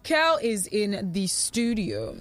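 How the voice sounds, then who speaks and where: This is a woman hosting a radio talk show from the studio. She reads out listeners' messages in a chatty, easygoing way and laughs readily between them. Her voice sits in a middle pitch. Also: huge pitch swings, takes it slowly, faint music behind. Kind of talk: reading listener comments on air.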